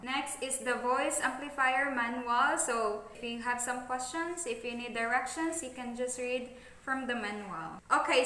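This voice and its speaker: A woman's voice: high voice, bright, forceful tone, slight background noise. A woman reviewing a product as she unboxes it, explaining each step in plain words. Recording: echoey room with faint ambience.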